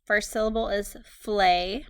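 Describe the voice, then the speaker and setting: Female teacher, slow and deliberate dictation, slightly gravelly voice, dry close recording. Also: mid-range voice, steady tone, dry recording. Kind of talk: recorded phonics lesson, dictating words.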